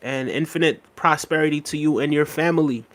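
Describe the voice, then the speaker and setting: A man from Jamaica hosts a live stream, reading out what viewers comment and answering in a relaxed, chatty tone full of "um" and "you know what I mean". His voice is a little high and his pace a little fast.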